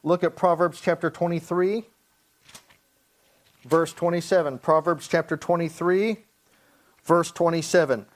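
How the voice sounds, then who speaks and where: A man with a fairly high voice leads a church Bible study. He reads verses slowly and deliberately, then breaks them down in plain conversational speech. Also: steady tone. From Hawaii. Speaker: pastor teaching Bible study.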